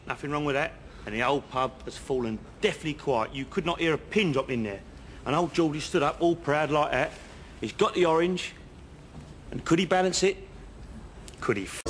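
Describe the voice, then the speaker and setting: An actor playing a working-class house painter who spins long pointless anecdotes in an earnest, chatty way, outdoors. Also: male voice, fairly high pitch, a bit bright, a little hiss or hum, natural voice. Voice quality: chatty, earnest storyteller, leading asides. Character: rambling working-class male painter spinning pointless yarns. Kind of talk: comedy sketch acting. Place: outdoors on a bridge.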